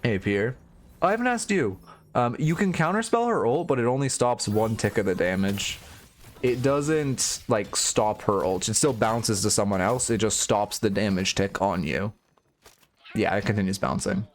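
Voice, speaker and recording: Frank low-voiced man coaching a gamer. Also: expressive. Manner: frank, swears casually, talks in quick restarts. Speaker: game coach. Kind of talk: casual live-stream coaching commentary.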